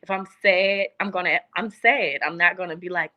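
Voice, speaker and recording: Speaking at normal speed with hardly any pauses, this young woman has a lowish voice and a Southern US accent. She's a guest in a casual chat, earnest in tone and repeating phrases for emphasis, captured on a muffled recording.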